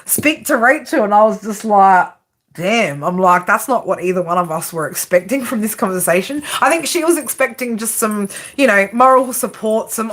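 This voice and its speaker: A woman's voice: mid-range voice, normal speed, fairly bright tone. A woman with an Australian accent giving a casual, chatty live tarot reading, laughing often and swearing freely. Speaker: tarot reader.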